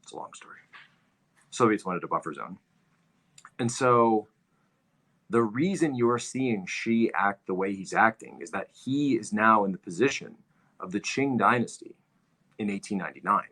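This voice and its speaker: Male commentary host: low-pitched, forceful delivery, lecturing with emphatic repetition. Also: animated, normal speed, pauses often. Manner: emphatic, repeats phrases for stress. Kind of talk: livestream commentary, history lecture.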